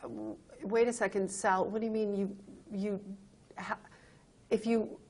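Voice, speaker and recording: A woman's voice: medium pitch, flat delivery, unhurried, vocal fry, darkish tone. A woman playing a pushy clinic counselor. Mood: pressing. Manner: insistent, lecturing. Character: pushy female clinic counselor, lecturing patient. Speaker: clinic counselor in a training video.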